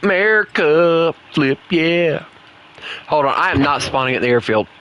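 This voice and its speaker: A man's voice: fairly high pitch, lively intonation, normal speed, a bit bright, clean tone, muffled recording. A man chatting casually at home while he plays an online game with friends, rambling and joking with his teammates. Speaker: gaming streamer. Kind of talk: casual chat while gaming.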